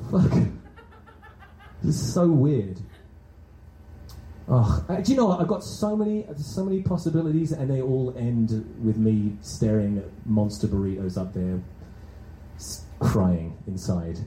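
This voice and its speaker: A man's voice: medium pitch, mellow, roomy sound, poor audio. A man doing a rambling, self-deprecating, crude stand-up set, bantering with a small audience. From England. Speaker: stand-up comedian. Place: small comedy venue with few people.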